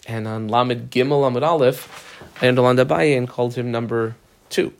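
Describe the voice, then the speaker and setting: Man, gravelly voice, casual Talmud lesson, animated, acts out the characters. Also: medium pitch, moderate pace. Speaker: Talmud teacher.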